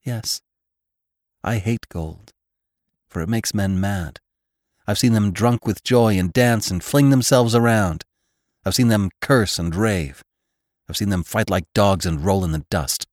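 A man's voice: on the low side, unhurried, long pauses, darkish tone, dry recording, studio quality, lightly acted. A man voicing a shy, devoted young frontier woman who speaks earnestly and hesitantly. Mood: troubled.

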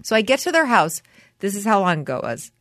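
A woman's voice: quick pace, no echo, studio quality. A middle-aged woman hosting a podcast, telling stories animatedly in a casual chat. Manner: animated storyteller, jumps high when quoting herself. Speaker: podcast host.

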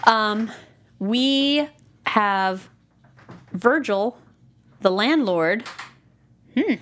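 A woman's voice: medium pitch, fairly bright tone. A woman co-hosting a podcast in a studio, chatting casually about a TV show, rambling with lots of fillers and restarts. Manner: rambling, full of fillers and restarts, laughs easily. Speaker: podcast co-host. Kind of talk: casual chat recapping a TV show. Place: recording studio.

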